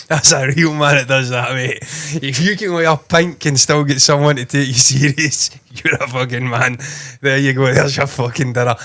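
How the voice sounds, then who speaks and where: A man's voice: medium pitch, big pitch swings, unhurried, sharp tone. A man co-hosting a casual movie review chat, swearing freely and teasing his partner in a joking way. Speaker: co-host of a movie review channel.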